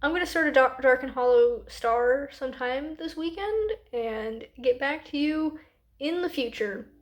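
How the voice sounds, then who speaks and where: A woman's voice: sits high, animated, unhurried. A woman in her late twenties talking casually to camera in a rambling, self-deprecating book vlog. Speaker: book vlogger.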